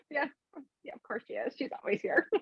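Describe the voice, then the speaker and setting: Husky, emphatic woman coach swearing freely. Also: high-pitched, moderate pace, dry recording, lo-fi sound. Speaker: podcast guest, coach. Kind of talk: casual podcast conversation.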